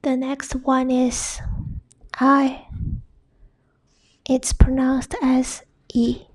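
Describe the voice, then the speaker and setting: Slow whispering woman teaching softly. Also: high voice, completely flat delivery. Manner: slow, soft and breathy, with many repeated words. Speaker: ASMR Spanish teacher. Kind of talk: whispered ASMR lesson.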